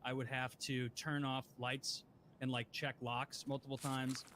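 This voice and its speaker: A man's voice: medium pitch, level tone, measured pace. A man in casual chat on a stream, speaking candidly and thoughtfully about his own childhood. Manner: candid, thoughtful personal recollection. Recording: loud background noise.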